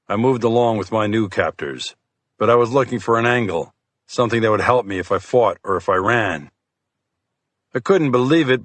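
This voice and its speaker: A man reads a crime thriller audiobook in the first person, his voice sitting low and his delivery steady and measured. The recording is dry and close, with no room sound. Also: no echo. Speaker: audiobook narrator.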